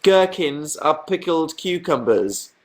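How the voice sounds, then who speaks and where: A man's voice: fairly high pitch, very animated, slow pace. Rambling young man chatting to a live chat. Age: young adult. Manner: rambling, self-mocking, swears freely, breaks into laughs. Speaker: YouTuber answering live chat. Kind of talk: casual live-stream chat.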